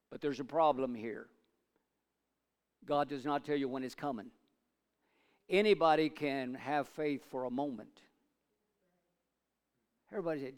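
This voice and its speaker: A male preacher delivering a sermon, swinging between loud urging and low asides and calling for amens from the congregation. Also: normal speed, pauses often, clear, resonant tone. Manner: call-and-response with congregation. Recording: long reverb of a large hall.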